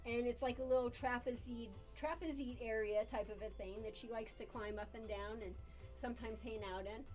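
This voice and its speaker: A woman's voice: on the high side, moderate pace, soft background music. A woman hosting a casual live stream, chatting with viewers, reading their comments aloud and answering them, and laughing often as she tells stories. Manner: laughs often, lively when telling stories. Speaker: live-stream host teaching casino games.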